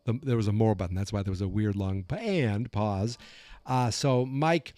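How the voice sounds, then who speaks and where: Man, American accent, calm, mellow, dry close sound, podcast host, casual chat. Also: on the low side, a little fast, dry recording. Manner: calm, rambling, self-correcting.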